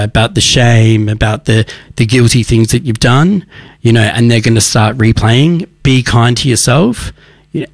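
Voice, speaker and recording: A man's voice: medium pitch, gravelly, no room sound. A man hosting a radio show, giving earnest, rambling advice on recovery with many restarts. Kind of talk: casual recovery advice talk.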